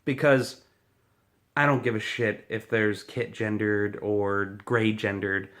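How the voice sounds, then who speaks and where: A man's voice: lowish voice, level tone, slow, a bit bright. A man delivering a heated, profane political rant to camera as a vlogger, combative and blunt.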